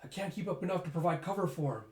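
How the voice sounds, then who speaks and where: Man voicing an anxious young operator, pitched up and strained, roomy echo. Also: lively intonation, very fast, darkish tone, distant mic, lightly acted. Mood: urgent. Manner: raised, urgent and strained. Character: young male tech operator, anxious and urgent.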